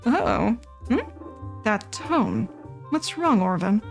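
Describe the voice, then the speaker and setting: A woman voicing a gentle, doting old grandmother on the phone, speaking slowly and soothingly. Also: on the high side, very animated, vocal fry, faint music behind, full character voice. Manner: slow, soothing and affectionate.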